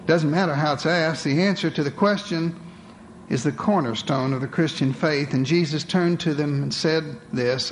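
A man's voice: fairly high pitch, moderate pace, a little hiss or hum. A man preaching a sermon to a congregation, with dramatic rhetorical questions, calling his listeners beloved.

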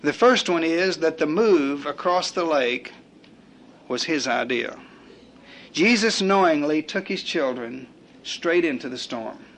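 A man's voice: fairly high pitch, expressive, takes it slowly, a bit bright, slight background noise. A man preaching a sermon, building his points through rhythmic repetition and acting out quoted prayers and complaints.

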